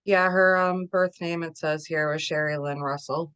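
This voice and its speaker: A woman's voice: low-pitched, fairly even intonation, normal speed, a bit bright, smooth, highs cut off. Joking woman podcast co-host. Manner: joking, laughs often. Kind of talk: casual podcast chat.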